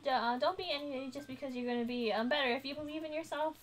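Young woman, co-streamer, chatty, laughing, high voice, faint music behind. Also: racing. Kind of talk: casual gaming livestream chat.

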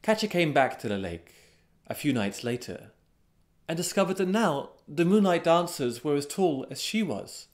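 A man telling a folk tale as a storyteller, unhurried and dramatic, with sudden swells of excitement. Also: a little high. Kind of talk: storytelling narration.

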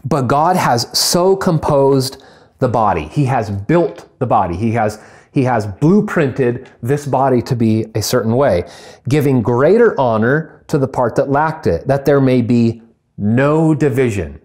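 Guy preaching a sunday sermon, lively and chatty, mid pitch, does little joke voices. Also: unhurried. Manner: animated preaching, acts out comic voices. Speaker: pastor.

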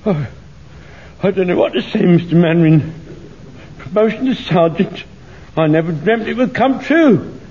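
An actor playing an elderly, fussy butcher serving as a lance corporal, gushing and eager in a 1970s radio sitcom. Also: male voice, very high-pitched, darkish tone. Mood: overjoyed. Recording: dull old radio recording with faint hiss.

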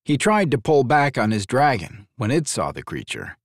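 A man narrates an audiobook from a script in a mid-pitched voice with lively, swinging intonation. He reads at a moderate pace, and the recording is dry and close with no room sound.

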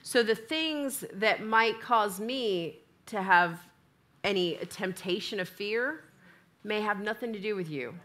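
A woman preaching a sermon in church, telling a funny personal story and acting out both sides of the dialogue in an animated way. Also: medium pitch, takes it slowly.

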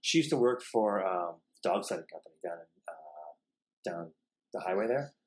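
A young man hosting a casual podcast chat, telling stories in a rapid, animated way and swearing freely. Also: low-pitched. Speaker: podcast host.

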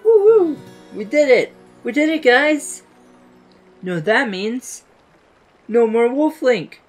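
Giggly woman gaming, voice bounces all over, slow unhurried talk, light game music behind. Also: fairly high pitch. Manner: excitable, giggly, reads game lines aloud. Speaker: gaming video host. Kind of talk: let's play commentary.

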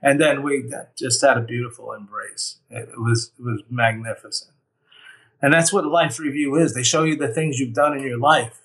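A man speaks in an earnest, heartfelt way, recounting his own experience with frequent "you know"s. His voice sits at an ordinary middle pitch. He sounds a little distant from the microphone. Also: fairly even intonation, normal speed, a bit bright. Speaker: near-death experience survivor. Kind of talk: personal testimony.

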